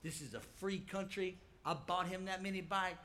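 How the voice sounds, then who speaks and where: A man voicing his stern, mean father, gruff and menacing, within a sermon. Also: high voice, steady tone, moderate pace, bright, forceful tone, a little hiss or hum.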